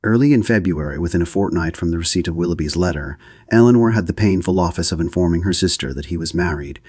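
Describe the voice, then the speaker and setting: Low raspy guy reading an old novel aloud, measured and formal, dry close sound. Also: a little mellow, dry recording. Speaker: audiobook narrator. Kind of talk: scripted narration of a classic novel.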